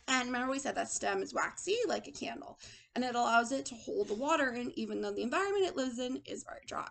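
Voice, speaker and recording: Lively, gravelly-voiced teacher woman. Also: a little high, a little hiss or hum. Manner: questioning, encouraging, addresses children as friends. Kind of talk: lesson with storybook read-aloud.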